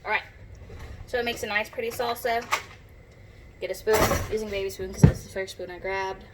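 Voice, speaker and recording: A woman's voice: medium pitch, fairly even intonation, fairly quick, heavy background noise. A woman with a Southern US accent, chatting and rambling through a homey cooking demo in her kitchen, recorded on a propped-up phone. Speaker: home cook. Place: home kitchen.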